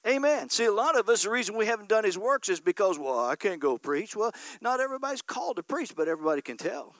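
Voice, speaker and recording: High-voiced man preaching with fervor. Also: a bit bright, no echo. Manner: emphatic preaching, punctuated by frequent call-outs of "Amen?". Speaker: pastor. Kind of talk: sermon.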